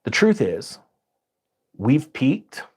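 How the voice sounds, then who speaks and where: A man hosting a finance channel, giving casual, sarcastic commentary over charts with big jumps in pitch for emphasis. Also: wildly swooping pitch, extremely slow, breathy edge.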